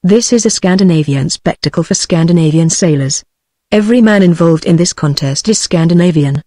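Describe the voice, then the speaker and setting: A British English text-to-speech female voice reading the lines of a jovial male sea captain announcing a fight, flat and synthetic. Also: on the low side, a little fast, dry recording, studio quality, lightly acted. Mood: grandiose.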